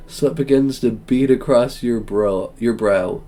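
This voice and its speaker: Animated young man gushing through a game. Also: medium pitch, measured pace, faint music behind. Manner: animated, joking and gushing, reads game text aloud. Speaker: streamer. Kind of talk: let's-play narration.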